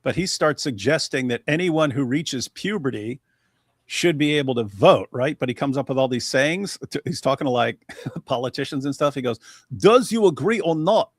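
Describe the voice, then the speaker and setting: A man's voice: medium pitch, normal speed, no room sound, clean studio sound. A man from the United States hosting a casual live-stream, talking in a blunt, mocking way. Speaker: host.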